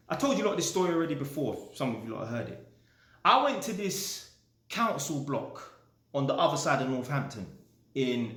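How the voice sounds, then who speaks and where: Animated storytelling man, roomy echo. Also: a little high. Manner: animated, swears, tags lines with "yeah?". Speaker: vlogger. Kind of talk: casual storytelling.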